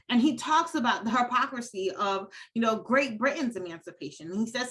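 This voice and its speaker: A woman giving an academic lecture over a video call, animated, laughing often and paraphrasing historical figures aloud. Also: a little high, brisk, few pauses. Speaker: guest lecturer. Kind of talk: academic lecture at a virtual event. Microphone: computer mic on a video call.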